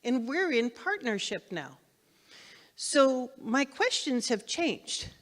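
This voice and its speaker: A woman's voice: high-pitched, big pitch swings, slow pace, fairly bright tone. Woman, minister, spiritual lesson, conversational, repeats for emphasis, long hall echo. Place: spiritual center meeting hall.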